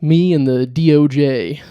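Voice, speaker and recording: A young man hosting a solo comedy podcast, rambling deadpan and laughing at his own jokes. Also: medium pitch, gravelly, no room sound, muffled recording. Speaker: podcast host.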